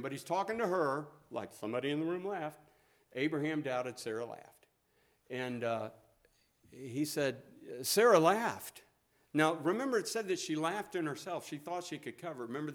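A middle-aged man preaching a sermon in a folksy, storytelling way, chuckling often as he talks. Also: a little high.

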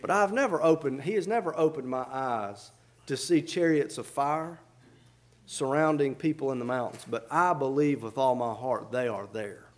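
A man's voice: mid-range voice, normal speed. A man preaching a sermon, fervently reading old scripture aloud and explaining it in plain everyday words.

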